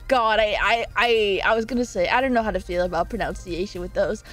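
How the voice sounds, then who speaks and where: A woman's voice: medium pitch, normal speed, faint music behind. A young woman chatting casually on a live stream from her own room, playful and giggly, rambling between greetings.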